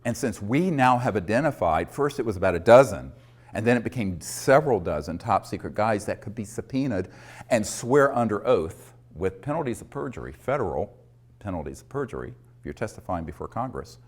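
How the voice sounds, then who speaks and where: An older man from North Carolina, telling anecdotes to an audience and animated when quoting others. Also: on the low side, fairly quick. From North Carolina, USA. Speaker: speaker recounting his disclosure work. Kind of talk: storytelling talk to an audience.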